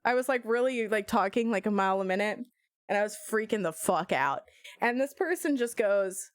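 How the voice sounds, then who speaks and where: A young adult woman streamer telling a story in a casual, animated way while playing a game. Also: medium pitch, normal speed, no echo, clean studio sound. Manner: animated, swearing, laughing storyteller.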